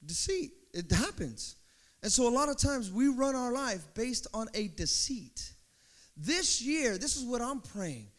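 A very high-pitched man preaching with a bright, ringing tone and a pitch that swoops all over. He preaches animatedly, acting out little scenes and building up to shouts. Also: expressive, moderate pace. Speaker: pastor. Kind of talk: sermon.

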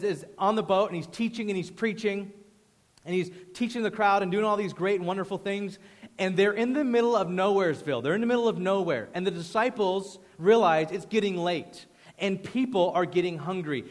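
A man preaching a sermon as pastor, conversational and animated, dropping to a hush for emphasis. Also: high voice, normal speed, long reverb tail. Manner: animated, conversational storytelling with sudden hushed drops.

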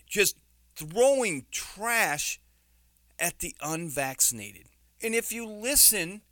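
Man, New York accent, indignant commentary, high animated pitch, slow deliberate delivery, dry sound. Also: no echo. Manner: indignant, emphatic, sarcastic. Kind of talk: opinion commentary monologue.

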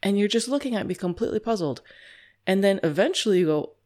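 A woman teaching dog training with a bouncy, animated voice that rises and falls a lot. She sounds chatty and playful, laughs often, and acts out small everyday scenes to make her points. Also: mid-range voice, fast. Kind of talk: explaining dog training to viewers.

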